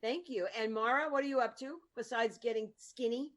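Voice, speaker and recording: Chatty higher-voiced woman host. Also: brisk. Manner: rambling, chatty, profane. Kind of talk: casual group chat.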